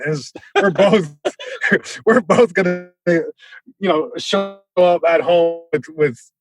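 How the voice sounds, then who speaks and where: Male comedian guest, podcast storytelling, slightly high voice, dry close studio sound. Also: moderate pace, no echo, low-quality recording. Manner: animated, lots of restarts.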